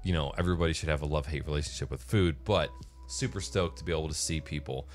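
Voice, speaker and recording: A man talking casually in a solo vlog monologue, rambling and conversational with plenty of fillers. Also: extremely low pitch. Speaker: vlogger.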